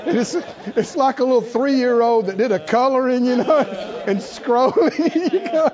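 A man's voice: extremely high pitch, unhurried, hardly any pauses, crowd noise. A man preaching a sermon at a conference, talking in a conversational way, often laughing and asking the congregation questions. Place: church or conference hall. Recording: dull sound with hall reverb.

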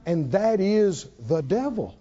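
A man preaching a sermon in a folksy, animated way, asking the congregation questions as he goes. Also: high voice, slow pace. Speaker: pastor. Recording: dull lo-fi recording.

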